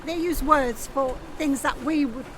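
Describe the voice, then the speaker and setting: A woman explains local words in a thoughtful street chat. Her voice sits high. Clear street noise fills the background outdoors. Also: unhurried. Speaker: street interviewee. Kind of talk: casual chat.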